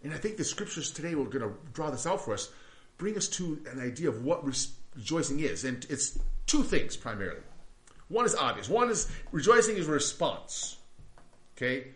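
A man's voice: fairly high pitch, sing-song, normal speed, fairly bright tone, roomy sound. A man preaching a sermon to his congregation, talking conversationally with frequent restarts and rhetorical questions. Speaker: pastor.

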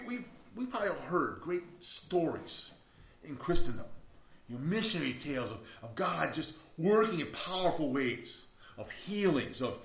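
A man's voice: on the high side, fairly bright tone. A man preaching a sermon in a conversational way, with frequent restarts and rising outcries. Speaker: pastor. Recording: echoey, dull lo-fi church recording.

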